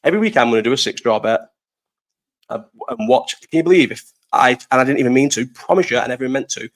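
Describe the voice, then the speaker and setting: He talks fast in a mid-range voice: a young Lancashire-accented streamer from Bolton, North West England. He chats loosely with his audience, answering live chat, wandering off topic, cursing and laughing often.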